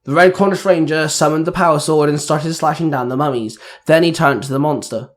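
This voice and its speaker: A man's voice: on the high side, a little fast. A man narrating an amateur action story, reading fight scenes steadily.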